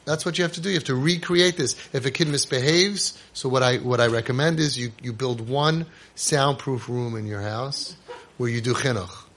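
A man giving a casual spoken lecture as a parenting coach. He talks emphatically, repeats himself, restarts often and acts out quick exchanges. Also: medium pitch, a bit bright. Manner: emphatic and repetitive, with many restarts and quick asides; acts out short exchanges between parents and kids.

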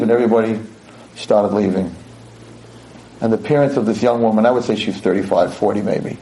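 A man's voice: mid-range voice, steady tone, a little fast, dark tone, a little hiss or hum, poor audio. A male rabbi delivering a dramatic storytelling sermon, emotional and vivid.

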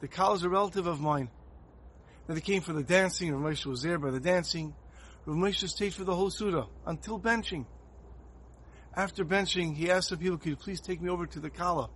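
Man, rabbi-style sermon, slightly high voice, faint background hiss. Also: fairly quick, a bit bright. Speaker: rabbi giving a Torah talk. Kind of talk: sermon with storytelling.

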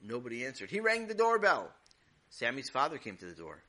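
A man narrating a children's story in an animated, dramatic way. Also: mid-range voice, a little fast.

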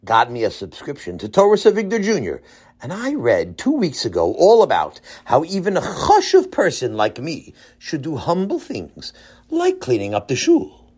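A man voicing a bumbling adult man who thinks he is a great tzaddik, in a high, whiny, emotional voice. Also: huge pitch swings, moderate pace, darkish tone, slightly rough, exaggerated voice. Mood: proud.

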